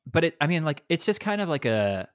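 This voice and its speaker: A man co-hosting a casual gaming podcast, talking in animated rants full of restarts. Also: a little high, brisk, smooth, dry recording, clean studio sound. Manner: animated, ranting, lots of restarts. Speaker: podcast co-host.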